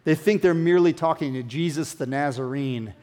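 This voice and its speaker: Animated preaching man, fairly high voice. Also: fairly quick. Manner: conversational, animated preaching with sudden drops to hushed emphasis. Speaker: pastor. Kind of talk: sermon.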